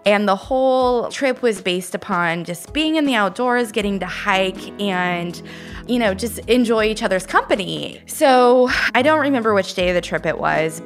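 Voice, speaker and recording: Young woman host telling a story on air, emotional, gets choked up, soft music behind. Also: mid-range voice. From Northern California. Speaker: radio host.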